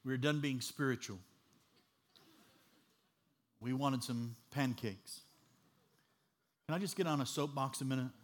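A man preaching a sermon as an animated, humorous storyteller. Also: medium pitch, unhurried, long pauses.

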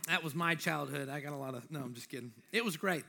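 A young male preacher with a slight lisp and a fairly high voice. He talks to the congregation in a loose, joking way, then presses his points with rising emphasis. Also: fast, creaky, pushed and bright, slight background noise. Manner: conversational, joking, building to emphatic exhortation. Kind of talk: sermon.

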